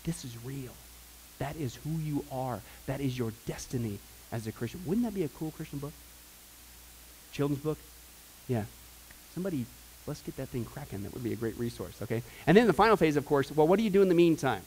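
A man teaching a Bible class in a casual, rambling way, with joking asides and bursts of loud preaching. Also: mid-range voice, lively intonation, a little fast, a little hiss or hum, low-quality recording.

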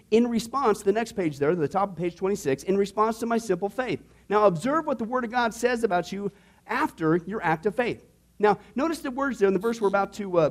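A man teaching a discipleship Bible class to a live group, playful and jokey, often checking in with "okay?" and "right?". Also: high voice.

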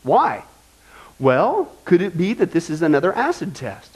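A man's voice: on the high side, huge pitch swings, measured pace, husky. A man preaching a sermon as pastor, emphatic, firing rhetorical questions at the congregation.

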